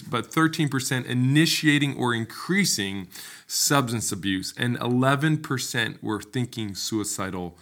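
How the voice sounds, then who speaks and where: A man's voice: fairly low pitch, gravelly, fairly bright tone. Earnest man hosting a faith podcast. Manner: earnest, conversational, with fillers and restarts. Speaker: podcast host. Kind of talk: casual devotional podcast talk.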